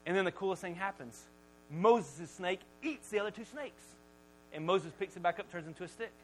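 High-voiced, animated preacher. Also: male voice, normal speed, a little hiss or hum, poor audio. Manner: animated storytelling, jokey. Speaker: pastor. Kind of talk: sermon.

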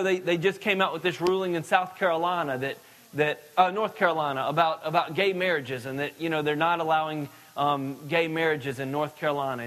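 High-voiced emphatic male preacher. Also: a bit bright. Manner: emphatic, repetitive preaching cadence with restarts. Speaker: pastor. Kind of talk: sermon.

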